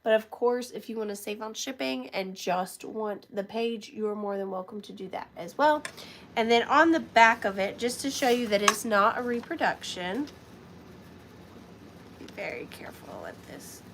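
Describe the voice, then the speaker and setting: Chatty woman selling antiques live, gravelly. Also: on the high side, moderate pace, fairly bright tone, a little hiss or hum. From United States. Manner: chatty, gushing, counts down bids. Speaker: live auction seller. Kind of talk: live-stream selling chat.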